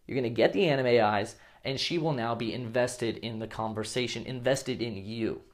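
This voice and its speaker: A man's voice: mid-range voice, normal speed. Blunt male dating coach, casual vlog delivery. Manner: blunt, swears casually, acts out example lines.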